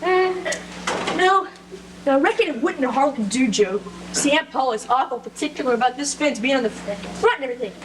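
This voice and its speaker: A woman acts out a cheeky young boy who wheedles and bargains, and her high voice swoops up and down. The stage recording carries a steady noise behind her. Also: normal speed. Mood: sly. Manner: sly, persuasive, playful bargaining. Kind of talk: stage play acting. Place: theatre stage.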